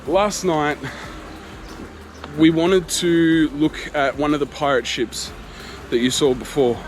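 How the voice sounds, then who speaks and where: A man's voice: fairly high pitch, slow pace. Man in his thirties venting. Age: 30s. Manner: animated, exasperated retelling with quoted exchanges. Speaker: travel vlogger. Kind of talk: casual storytelling to camera. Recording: faint street noise behind.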